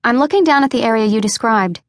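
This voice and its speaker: Woman narrator as a calm, firm young midwife. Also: a little high, fast talker, dry recording, studio quality, natural voice. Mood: steady. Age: 20s. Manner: firm, level and practical. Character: calm, steady midwife in her twenties. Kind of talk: audiobook character voice.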